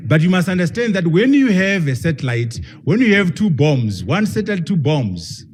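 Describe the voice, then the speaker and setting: Animated husky-voiced man lecturing. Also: sits high, normal speed. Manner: emphatic, fires rhetorical questions at the audience. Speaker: professor giving a public talk. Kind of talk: public lecture to a live audience.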